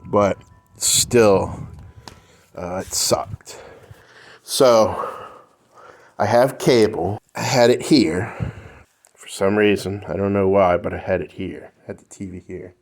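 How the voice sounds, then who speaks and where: Slow, low-voiced man ranting. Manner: rambling, profane, full of fillers. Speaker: vlogger. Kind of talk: casual storytelling rant. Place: home living room.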